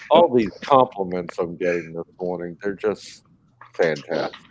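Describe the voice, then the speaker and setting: A man's voice: low-pitched, animated, slow pace, a little hiss or hum. A man, co-hosting with dry, sarcastic teasing banter. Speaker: co-host. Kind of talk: crude casual banter. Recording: dull lo-fi off-mic sound.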